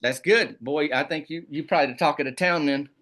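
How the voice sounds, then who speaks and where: Guy telling deadpan tall tales on a radio show, bright punchy voice. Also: fairly high pitch, fairly quick. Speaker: comedian guest. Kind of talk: comic storytelling in a rural persona.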